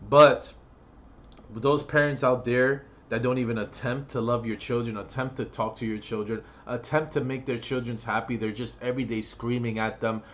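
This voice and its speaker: A vlogger delivers a heated, profane rant as a vlog monologue, breaking into loud outbursts. His voice is medium-pitched, and his pace is moderate.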